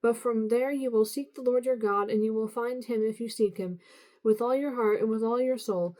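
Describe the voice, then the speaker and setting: A woman reading the Bible aloud at a steady pace, now and then stumbling and correcting herself. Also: fairly high pitch, moderate pace, low-quality recording. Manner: steady reading with occasional slips and self-corrections. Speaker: Bible reader.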